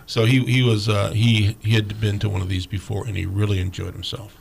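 A man's voice: lowish voice, level tone, brisk, creaky, slight background noise. A man hosting a casual chat with a guest, joking and laughing often. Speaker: mayor hosting a local talk segment.

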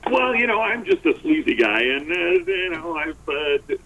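A man's voice: very high-pitched, huge pitch swings, measured pace, creaky, pushed and bright, low-quality recording. A man telling a long rambling story as a radio guest, self-deprecating and full of fillers. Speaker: guest, former comedy performer.

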